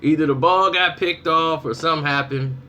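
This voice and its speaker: A young adult man giving casual spoken commentary on his channel, telling stories in a lively way and acting out people's reactions. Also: fairly high pitch, normal speed. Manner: animated storytelling, acts out reactions. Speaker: vlogger.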